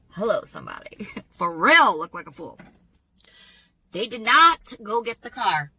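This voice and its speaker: A woman telling a personal story in a vlog, in an animated, emphatic storytelling manner. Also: mid-range voice, unhurried, vocal fry, long pauses, a little hiss or hum, rough recording. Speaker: vlogger.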